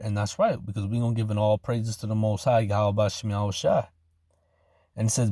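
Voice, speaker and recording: A man preaching an informal sermon in casual street slang, filling his talk with "man" and "okay", and slowing down to read scripture loudly. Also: on the low side, dry recording, clean studio sound. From Arizona, United States. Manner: reads scripture slowly and loudly.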